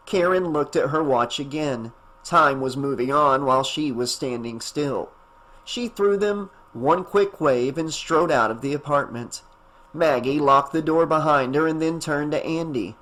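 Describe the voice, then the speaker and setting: A man narrating an audiobook in a steady, even storytelling manner. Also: on the high side, measured pace. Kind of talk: scripted narration.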